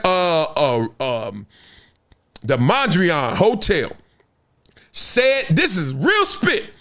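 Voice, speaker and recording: A man in his fifties hosting his own show, telling loose, slang-heavy stories and acting out the people in them. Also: a little high. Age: 50s. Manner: animated, street slang, acts out quoted voices. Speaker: show host. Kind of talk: casual storytelling to camera.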